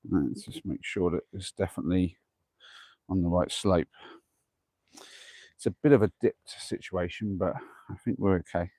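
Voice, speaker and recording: An English man live-streams a camping vlog outdoors at night, talking through each task in a chatty, self-deprecating way while huffing from the effort. His voice is low and dark, at a moderate pace with long pauses, and there's no room sound.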